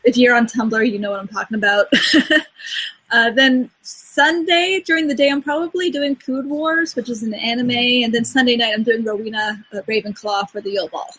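A woman's voice: a little high, normal speed, a bit bright, husky, dry recording, poor audio. A woman in a casual group chat, laughing lightly between phrases as she lists her plans.

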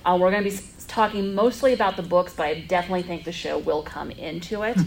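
Low, gravelly woman moderating a panel. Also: fast talker, poor audio. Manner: chatty, rambling with many fillers. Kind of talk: convention panel discussion. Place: convention panel room.

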